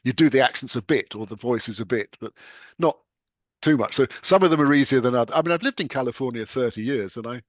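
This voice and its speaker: Older British guest, chatty raconteur, mid-pitched, dry recording. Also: male voice, fast, dry recording. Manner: animated storyteller, laughs often. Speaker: guest novelist. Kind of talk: conversational anecdote.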